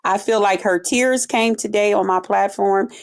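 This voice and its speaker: A woman's voice: medium pitch, moderate pace. A woman hosting a casual livestream chat, talking bluntly and animatedly. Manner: blunt, animated, mimics sounds and voices. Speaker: livestream host.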